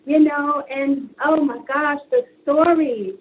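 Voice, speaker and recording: A woman's voice: high voice, takes it slowly, slight background noise. A woman guest author telling stories in a casual interview, acting out the voices of the people she talks about. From Brooklyn, New York. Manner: animated storyteller acting out quoted dialogue, laughing and tearful at times. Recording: tinny phone line.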